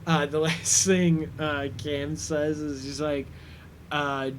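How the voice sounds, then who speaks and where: A man's voice: on the high side, slow pace, a bit bright, slight background noise. A man hosting a commentary track, recapping an episode in a casual, rambling way with many fillers and restarts.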